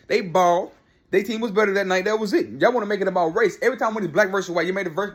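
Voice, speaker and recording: A man ranting heatedly about sports in a vlog, repeating himself and talking back to people by name. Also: high voice. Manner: fired-up, repetitive, talks back to people by name. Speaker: sports commentary vlogger. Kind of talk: heated opinion rant.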